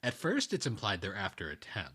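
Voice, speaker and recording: A man's voice: fairly low pitch, huge pitch swings, brisk, sharp tone, slightly rough. A man co-hosting a podcast in casual chat, rambling, laughing often and swearing now and then. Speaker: podcast co-host.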